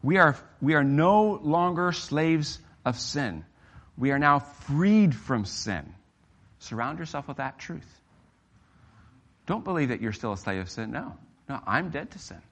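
A man's voice: on the high side, lively intonation, measured pace, fairly bright tone. A middle-aged man preaching a sermon in an emphatic, earnest way, his voice rising and dropping for emphasis.

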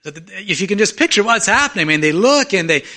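A man preaching a sermon, retelling a story with voices and swinging from loud to very soft. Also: high voice, very animated, fast. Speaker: pastor.

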